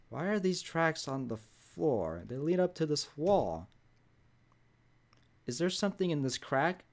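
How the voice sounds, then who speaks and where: A man's voice: fairly high pitch, very animated, slow, pauses often. A man hosting a let's play, joking around and reading the on-screen text aloud. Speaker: gaming video host.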